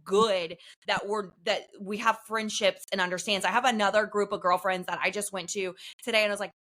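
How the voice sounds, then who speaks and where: This woman in her thirties co-hosts a podcast, chatting casually in a mid-range voice that runs a little fast. She tells stories with animation, acting out the quotes with lively energy.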